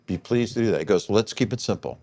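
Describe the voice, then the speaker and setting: A man's voice: on the low side, animated, fast, creaky, a little mellow. A man in his sixties telling a long personal story in an interview, acting out the dialogue he quotes. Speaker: guest.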